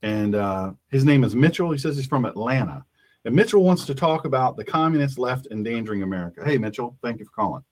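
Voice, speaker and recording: A man's voice: medium pitch, expressive, quick pace, a little mellow. A man hosting a radio call-in show, ranting emphatically and repeating his points. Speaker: talk radio host. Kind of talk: opinionated radio monologue.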